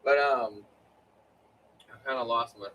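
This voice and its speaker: A man's voice: mid-range voice, fairly even intonation, measured pace, fairly bright tone, far from the mic, muffled recording, a little hiss or hum. A man chatting casually on a live stream, rambling with lots of fillers. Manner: rambling, filler-heavy storytelling. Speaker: co-host of a live chat. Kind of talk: casual chat.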